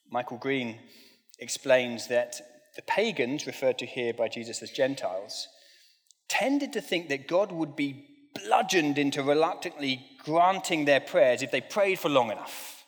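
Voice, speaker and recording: A man's voice: medium pitch, unhurried. A middle-aged man preaching a sermon in a conversational, self-deprecating way with light humor. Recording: long reverb of a large hall.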